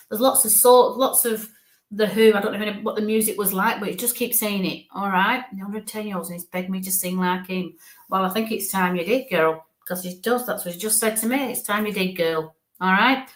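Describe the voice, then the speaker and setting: Lady doing a live psychic reading, warm chatty asides, roomy echo. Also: mid-range voice. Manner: warm, affectionate, talks in quick asides. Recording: echoey room.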